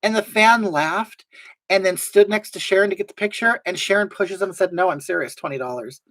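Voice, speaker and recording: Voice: fairly even intonation, a little fast, fairly bright tone, no echo, low-quality recording. Gossipy drag host, dry close sound. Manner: gossipy, blunt storytelling with big swings in pitch. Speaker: drag performer hosting a livestream. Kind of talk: casual livestream chat, reading viewer comments.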